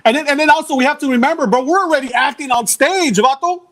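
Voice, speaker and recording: A man with a high, bright voice tells stories on a podcast. His talk is casual and full of slang and swearing, and he often restarts his sentences. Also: fast talker. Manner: profane, slangy, repeats words when excited. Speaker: comedian and actor.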